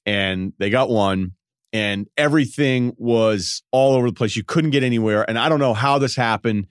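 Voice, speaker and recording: A man in his forties hosts a podcast, spinning casual stories in a loose, self-mocking style and laughing between phrases. His voice sits mid-range at a moderate pace, recorded clean in a studio with no room sound.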